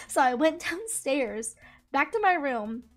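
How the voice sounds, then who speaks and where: A young woman casually telling a story from her life, animated, laughing often and swearing freely. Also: high-pitched, slow. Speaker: gaming channel creator.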